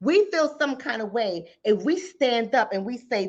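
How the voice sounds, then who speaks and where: A woman's voice: on the high side, lively intonation, unhurried, dull audio. A woman relationship coach, giving emphatic, repetitive commentary straight to her viewers. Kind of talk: casual commentary to camera.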